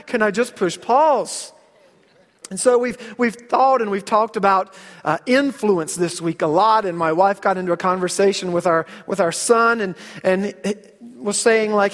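A man's voice: high-pitched, moderate pace, fairly bright tone. A man in his thirties preaching a casual, story-filled sermon, often repeating words as he starts a sentence. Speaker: pastor. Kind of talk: conversational sermon. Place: church sanctuary. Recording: long hall reverb.

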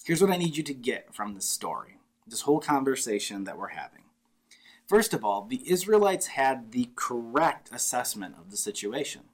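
A man's voice: mid-range voice, sing-song, normal speed. A man preaching a sermon, retelling a scripture story with vivid, dramatic voices for the people in it. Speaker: pastor.

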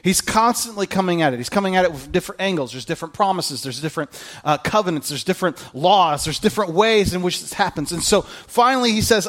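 A man preaching an Easter sermon in a casual, conversational way, reading scripture aloud and moving between quiet asides and emphatic peaks. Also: sits high, expressive, quick pace. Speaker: pastor.

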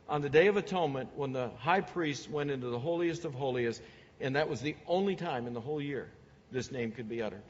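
A man's voice: a little high, brisk. A male pastor giving a conversational sermon, full of fillers and repeated words, recorded in a church sanctuary. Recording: long hall reverb, dull sound.

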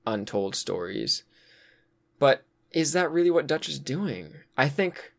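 A man's voice: mid-range voice, gravelly. A man in casual chat, thinking aloud about a game's story, with frequent fillers and sighs. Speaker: co-host discussing a video game.

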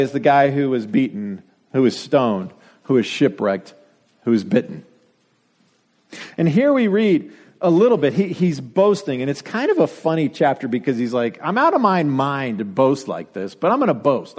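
A man's voice: a little high, a little mellow. A man from Denver preaching a sermon, full of rhetorical questions and dry asides. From Denver, United States. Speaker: pastor. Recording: long reverb from a hall.

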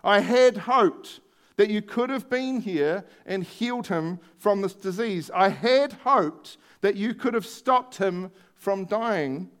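An earnest, grieving woman who pleads slowly and stresses each phrase, as a preacher speaking in his own high voice puts her on. The voice is raised and intense but stays close to his everyday speech. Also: lively intonation, a bit bright, smooth, full character voice. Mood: pleading. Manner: slow, emphatic and raised.

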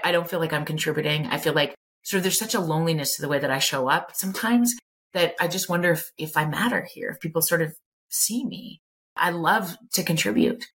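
A woman's voice: low voice, fairly bright tone. A middle-aged woman, a clinical psychologist talking candidly as an interview guest, emphatic and blunt, swearing casually.

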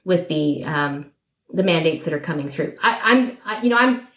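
A woman's voice: deep voice, lively intonation, moderate pace, fairly bright tone, echoey room. A woman speaking as a podcast guest in a political conversation, thoughtful and hesitant, with many fillers and restarts.

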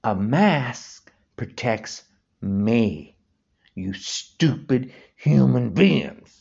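A man's voice: medium pitch, animated, extremely slow, vocal fry, darkish tone. A man in his sixties giving an angry, insulting rant, repeating himself. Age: 60s. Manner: furious, insulting, repetitive. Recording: dull lo-fi recording.

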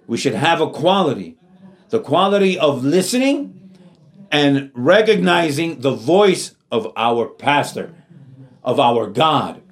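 Earnest man preaching a sermon. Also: a little high. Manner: earnest, repeats phrases for emphasis, calls out amen. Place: church.

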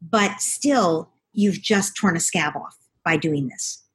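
A middle-aged woman giving parenting advice in a calm, coaching way. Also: lowish voice, slow pace, slight background noise. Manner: calm, coaching, acts out parent and child lines. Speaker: parenting expert guest. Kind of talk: conversational advice.

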